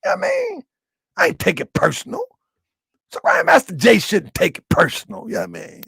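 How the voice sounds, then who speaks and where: A man hosting his own channel, ranting loudly and laughing through animated commentary. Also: high voice, fairly quick, gravelly, breathy edge, no echo, clean studio sound. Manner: loud, laughing, animated rants. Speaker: channel host.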